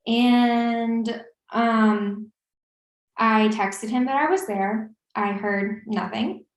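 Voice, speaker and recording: A woman in her twenties telling a story in casual chat, acting out the voices of the people she quotes. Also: extremely slow. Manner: animated, acts out quoted lines with rising pitch. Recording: roomy echo.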